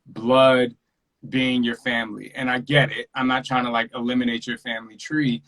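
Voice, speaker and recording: A man chatting earnestly about fatherhood, animated and acting out quotes as a guest on a video call. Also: medium pitch, normal speed, low-quality recording. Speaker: podcast host and father, interview guest. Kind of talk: casual interview chat.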